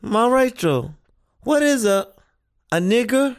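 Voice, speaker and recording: A woman voicing an earnest, thoughtful seven-year-old boy, who speaks slowly and questioningly in an audio play reading. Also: on the high side, very animated, exaggerated voice. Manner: slow, earnest childlike questioning.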